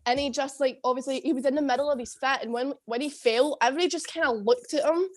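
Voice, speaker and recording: A woman's voice: high voice, steady tone, quick pace. A young Scottish woman, a former drama student, in a rambling casual chat, laughing often and swearing. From Scotland. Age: young adult.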